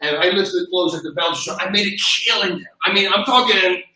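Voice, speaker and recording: A middle-aged man hosting a livestream, telling stories casually and loudly acting out what people said, from a mic across a large gym. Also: high-pitched, quick pace. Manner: animated storyteller who acts out quotes loudly. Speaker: host and martial arts coach. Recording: echoey gym, far from mic.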